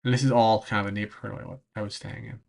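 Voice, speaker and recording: A man chatting casually on a livestream, answering chat, rambling and often pausing to search for words, with frequent laughs. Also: fairly low pitch, little pitch movement, creaky. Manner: laughs between phrases. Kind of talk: casual livestream chat over travel footage.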